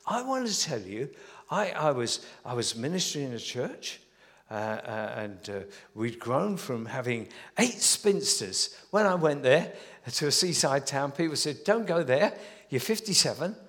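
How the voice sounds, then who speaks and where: A man's voice: mid-range voice, very animated, unhurried, a bit bright, long reverb tail. A man, preaching a sermon in a conversational, storytelling manner with many small restarts. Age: 70s.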